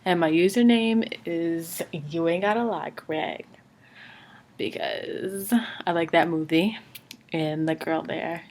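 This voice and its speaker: Filming a casual accent challenge vlog from her dorm room, a young college student from Brooklyn, New York, speaks slowly in a voice on the low side. She's relaxed yet hesitant, leaning on lots of ums and likes.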